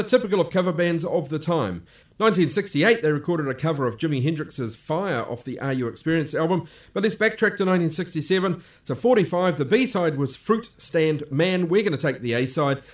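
A man hosting a radio show, introducing records in measured, informative DJ patter. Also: on the high side, lively intonation.

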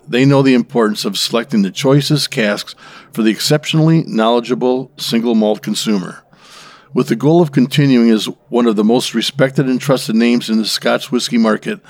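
A man co-hosting a drinks show, reading out a brand's history in a steady manner. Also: medium pitch, dry recording. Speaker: co-host presenting background. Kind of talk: read-aloud background segment.

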